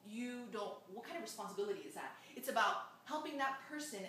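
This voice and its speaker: Quick encouraging host in an echoey room. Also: female voice, fairly high pitch, animated. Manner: warm encouraging, repeats words, trails off. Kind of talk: casual spiritual interview. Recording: very echoey room, mic at a distance, faint noise.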